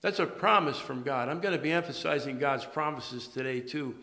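A male pastor giving a morning sermon, speaking haltingly with many fillers and restarts. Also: medium pitch, creaky, pushed and bright. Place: church sanctuary. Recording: long reverb of a large church.

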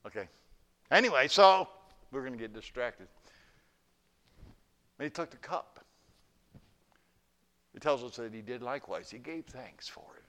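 A male pastor delivering a sermon in a church. He tells stories and keeps turning questions back to the congregation, at a middling pitch for a man. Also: expressive, measured pace, pauses often, a bit bright. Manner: storytelling preacher, asks the congregation questions.

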